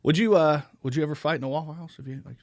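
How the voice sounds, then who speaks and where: A man's voice: fairly high pitch, rapid-fire, a little mellow, no room sound, clean studio sound. A man in his thirties hosting a casual comedy chat, laughing often and swearing as he tells stories. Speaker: podcast host.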